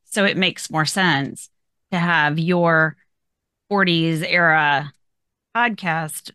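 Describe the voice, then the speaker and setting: A woman hosting a podcast, chatting casually and telling animated stories with frequent laughter. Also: deep voice, slow, clean tone, no echo. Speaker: podcast host. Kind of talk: casual chat.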